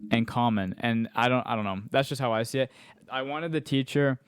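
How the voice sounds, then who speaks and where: A man's voice: mid-range voice, brisk, smooth, dry recording, studio quality, faint music behind. A young man hosting a podcast, easygoing and chatty as he leads the questions. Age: young adult. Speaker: podcast host. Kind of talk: casual chat.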